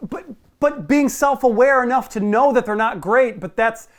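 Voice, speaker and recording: A man co-hosting a movie review show who argues his side in casual debate and often stumbles and repeats words. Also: very high voice. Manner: argumentative, halting, repeats words.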